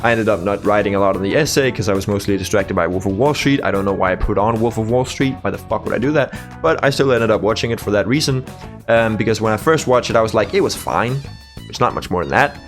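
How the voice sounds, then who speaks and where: A man's voice: lowish voice, quick pace, soft background music. A young man giving a casual movie review, blunt and sweary, with sarcastic asides.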